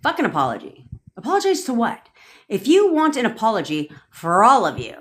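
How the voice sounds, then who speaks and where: A woman's voice: a little high, huge pitch swings, a little fast. A woman coaching on a livestream, blunt and profane, firing rhetorical questions at viewers. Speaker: manifestation coach. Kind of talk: livestream rant answering viewer comments. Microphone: phone livestream.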